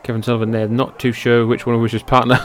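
Excitable man calling wrestling. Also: quick pace, a little hiss or hum. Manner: swings from low, offhand calling to loud, high-pitched shouting outbursts, swearing. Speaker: wrestling commentator. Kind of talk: amateur play-by-play commentary over old footage. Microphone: personal microphone.

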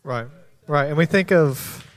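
A man's voice: fairly high pitch, measured pace. A man, a pastor joking and interjecting on a church stage into a stage microphone.

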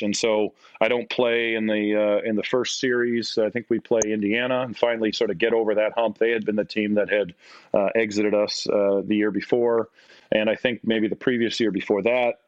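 A middle-aged man with a Canadian accent, a podcast guest telling stories in a casual, animated way. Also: no room sound. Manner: animated, acts out quotes in a higher voice. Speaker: podcast guest, former basketball player. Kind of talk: casual storytelling. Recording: dry, slightly dull audio.

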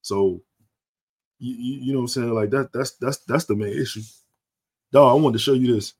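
Man, podcast co-host, laid-back, halting, many restarts. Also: medium pitch, a little mellow, husky. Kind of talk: casual sports and culture chat.

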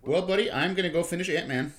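A man's voice: on the high side, fast talker, a bit bright. A man co-hosting a podcast, chatting casually, swearing freely and laughing as he tells stories. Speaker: podcast co-host. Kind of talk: casual chat.

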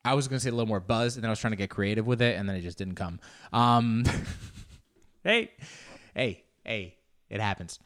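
A man's voice: lowish voice, steady tone, fast. A young man in a loose, joking solo monologue, swearing and restarting often as he rambles.

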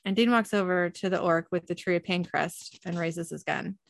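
Woman narrator reading a story, even delivery, dry and close. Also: fairly low pitch, moderate pace, gravelly, no echo. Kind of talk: reading a fan story aloud.

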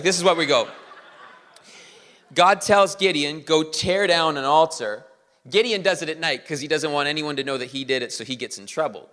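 A man preaching a sermon as pastor, animated and drawing the congregation in. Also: a little high, in a large hall.

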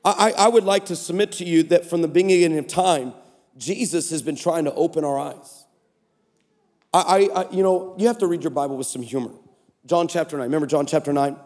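A male preacher delivering a lively conference sermon, swinging between shouted peaks and low, quick asides. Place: large conference hall. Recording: reverberant hall.

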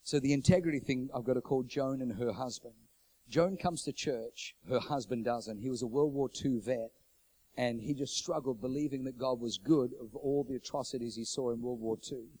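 A middle-aged pastor preaching a sermon, swinging from loud, urgent declarations to hushed, intimate storytelling. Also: male voice, medium pitch, normal speed, low-quality recording.

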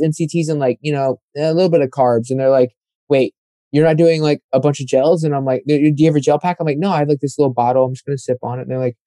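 A young man tells a long, rambling story in casual chat, scattering fillers and slipping into other people's voices as he quotes them. His voice sits a touch high but sounds mellow and dark. The sound is dry and close, with no room echo.

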